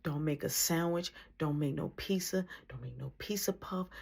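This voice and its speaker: A woman's voice: sits low, normal speed, vocal fry, darkish tone, breathy edge, heavily acted. A woman voicing a stern angry mother who scolds her son with clipped threats. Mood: cold.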